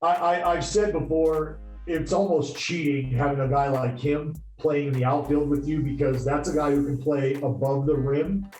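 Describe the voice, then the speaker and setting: Brief: thirties man, guest storyteller, slightly high voice, echoey room, faint music behind. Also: moderate pace, few pauses. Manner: animated, spins anecdotes with voiced quotes. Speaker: guest, former pitcher. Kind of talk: storytelling in a casual interview.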